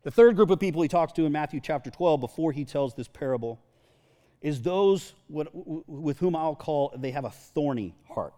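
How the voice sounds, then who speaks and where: A man's voice: on the high side, animated, normal speed, dark tone. A male pastor giving a sermon in a church hall, talking conversationally and often repeating words as he goes.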